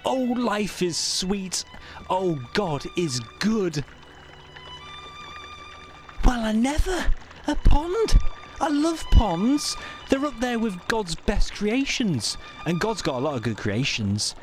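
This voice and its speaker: A man's voice: high-pitched, very animated, slow, heavily acted. A man voicing a pious, naive, prim young man who gushes with devotion and panics easily, from an audio drama clip. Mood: gushing devout, then delighted. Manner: prim and effusive, rising to panicked squeals. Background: music.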